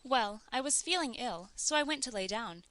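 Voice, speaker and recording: A woman's voice: fairly high pitch, lively intonation, moderate pace, fairly bright tone, no echo, voice pushed up. A woman reading as a shaken, tearful man.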